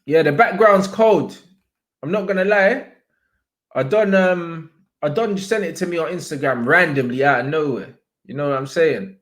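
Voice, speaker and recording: Young man, slightly high voice, animated slangy livestream host. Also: normal speed. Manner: slangy, animated, shouts out viewers. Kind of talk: casual livestream chat.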